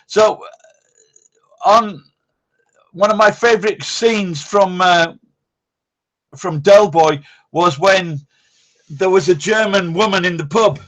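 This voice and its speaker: A man's voice: high voice, slow, pauses often, fairly bright tone. A man, hosting a casual live-stream chat, rambling, blunt and swearing constantly. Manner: rambling, blunt and heavily profane.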